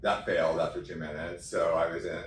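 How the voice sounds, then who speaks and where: A man as an interview guest, talking in an animated, chatty way and laughing as he tells stories. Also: low voice, brisk, a little hiss or hum. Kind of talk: casual interview chat. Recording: echoey room, mic at a distance.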